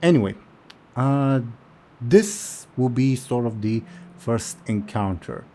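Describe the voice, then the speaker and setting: A man narrating a tabletop game as game master, unhurried and halting with many fillers. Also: mid-range voice, animated, warm tone.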